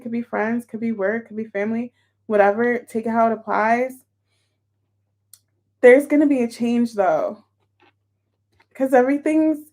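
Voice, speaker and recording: Female tarot reader, talks casually and gets emotional, somewhat high pitch. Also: a little mellow. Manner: chatty, emotional, exclamatory. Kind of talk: casual tarot reading for viewers.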